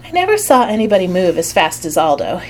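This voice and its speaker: A woman reading a children's storybook aloud in an expressive storytelling way. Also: lowish voice, quick pace, a little hiss or hum. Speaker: narrator. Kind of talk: audiobook narration.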